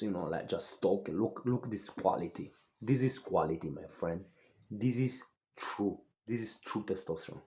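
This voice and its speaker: This young man, nineteen and a native Spanish speaker, vlogs about fitness in a blunt, foul-mouthed, repetitive motivational rant. He speaks at a moderate pace in a fairly low, slightly mellow voice, with slight background noise.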